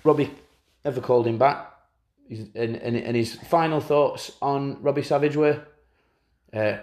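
A man co-hosting a casual football podcast, telling stories with a lively delivery and slipping into impressions. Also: medium pitch, a little slow, long pauses, echoey room. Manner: lively storyteller, slips into impressions of people. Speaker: podcast co-host.

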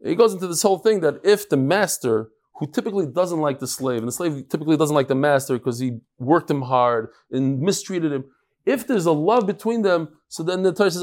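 A man teaching a live daily Talmud class, talking quickly and animatedly, with frequent restarts and Hebrew terms. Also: a little high, expressive.

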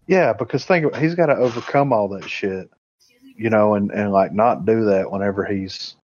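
A man's voice: fairly low pitch, normal speed, a little mellow, no room sound. Brief: man, easygoing co-host, frequent laughs, dry and a bit muffled. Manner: laughs often, loose and profane. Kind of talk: casual movie chat.

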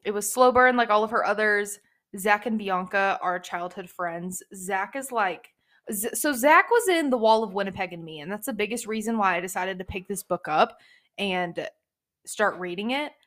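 A woman's voice: mid-range voice, moderate pace, fairly bright tone. Woman, book podcast host, casual chatty review, gushing, filler-heavy talk.

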